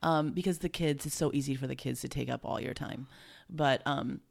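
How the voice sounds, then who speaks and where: Low gravelly-voiced woman, emotional. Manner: emotional, halting, many restarts. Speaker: guest. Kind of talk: heartfelt conversation.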